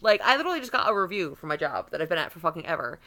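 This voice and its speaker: Speaking straight to camera, a vlogger in her thirties delivers a blunt, profanity-filled rant. Her bright, lively voice swings widely in pitch. The words come fast and heated.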